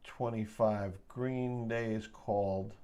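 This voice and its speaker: A man hosting a live day trading stream, talking casually in a slow, rambling way and poking fun at himself. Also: on the low side, steady tone, warm tone. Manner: slow, rambling, self-mocking with small laughs.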